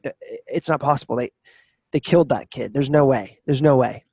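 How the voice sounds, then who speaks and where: A man's voice: mid-range voice, brisk, warm tone, husky, no room sound, clean studio sound. A man voicing a captured male mercenary who stammers in panicked disbelief.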